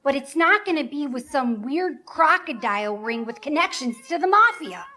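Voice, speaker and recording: A woman's voice: fairly high pitch, lively intonation, moderate pace, fairly bright tone. A woman doing an indignant folksy wife on the phone. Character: chatty middle-aged wife arguing on a long-distance call.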